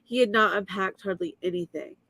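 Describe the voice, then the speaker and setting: A woman guest telling a vivid, emotional story in a casual way, with quick asides. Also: mid-range voice, sharp tone, no room sound. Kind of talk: casual storytelling on a live stream.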